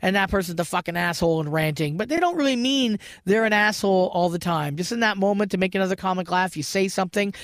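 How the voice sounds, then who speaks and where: A man's voice: high-pitched, a bit bright, no echo, studio quality. A man co-hosting a comedy podcast, telling stories and joking with a casual, profane manner. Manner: profane, storytelling, quick to joke.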